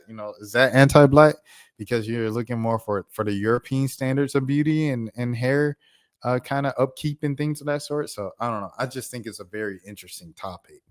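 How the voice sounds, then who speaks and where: Young American man vlogging, low-ish voice, relaxed chatty commentary. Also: a little fast. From United States. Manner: laid-back, reflective, conversational. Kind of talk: casual commentary to camera.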